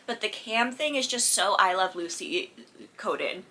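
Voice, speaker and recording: A woman hosts a casual reaction video at home and talks through a sitcom while she draws. Her voice is bright and forward, with a slightly husky edge. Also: mid-range voice, a little slow.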